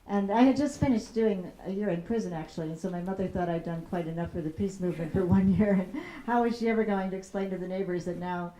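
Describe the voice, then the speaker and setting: A middle-aged woman from Chicago giving a public talk as a peace activist. She tells stories in a measured way and slows down to stress key phrases. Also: fairly low pitch, mellow. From Chicago, USA. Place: lecture room. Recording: roomy hall echo.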